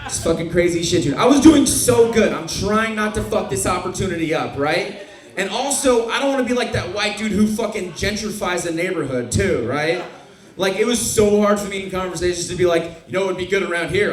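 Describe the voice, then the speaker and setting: Young male stand-up, brash and profane, higher voice, roomy club sound. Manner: brash, profane, rambling storytelling. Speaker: stand-up comic. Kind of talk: stand-up comedy set. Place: comedy club stage. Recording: echoey club room.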